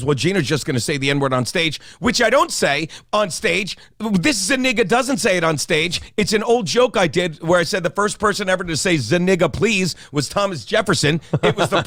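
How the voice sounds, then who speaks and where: A man's voice: sits high, fairly bright tone, dry recording, studio quality. A man who is a guest comedian, telling a rambling story, acting out quotes and laughing along. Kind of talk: casual storytelling.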